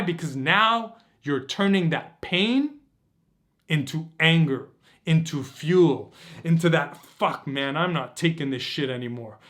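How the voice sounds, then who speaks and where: A man leads a motivational workshop, his voice sitting a little higher than most men's. He talks in an intense, preachy way and swears freely as he presses his points. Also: a bit bright. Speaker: dating coach.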